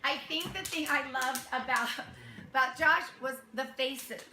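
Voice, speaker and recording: A woman directing a youth theater show, talking casually to her cast with warm praise, much laughter and many fillers. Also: sits high, a little slow. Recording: echoey room, noisy.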